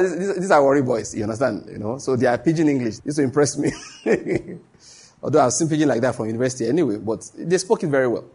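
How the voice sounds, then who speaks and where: Husky emphatic Nigerian male pastor. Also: mid-range voice. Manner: emphatic, repeats key phrases for stress; dramatic shifts between hushed and raised voice. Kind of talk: live-streamed sermon with storytelling.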